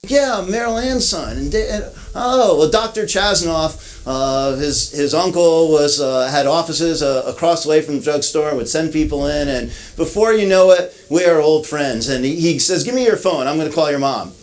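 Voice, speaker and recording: A man's voice: a little high, moderate pace, hardly any pauses, rough recording. A man from Connecticut giving a ceremony speech, telling a story with many restarts and repeated words. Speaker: event speaker. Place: outdoor ceremony.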